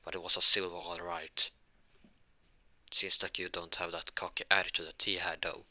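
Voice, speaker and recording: A man's voice: sits low, flat delivery, normal speed, pushed and bright, no room sound, heavily acted. A man doing a blunt, easygoing teen boy hero. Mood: calm.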